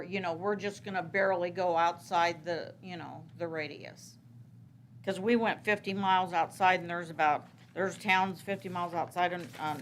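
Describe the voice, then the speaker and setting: A woman's voice: on the low side, a little hiss or hum. A woman answering questions at a city council meeting, rambling with many fillers and restarts. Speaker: city transit manager.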